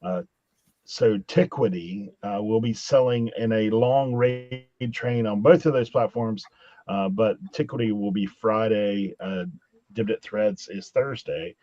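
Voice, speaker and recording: A man's voice: on the low side, measured pace, warm tone. A man joining a podcast chat as a guest, talking earnestly and filling his sentences with lots of fillers. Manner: earnest, filler-heavy advice. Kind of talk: casual live podcast chat. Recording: dull lo-fi audio.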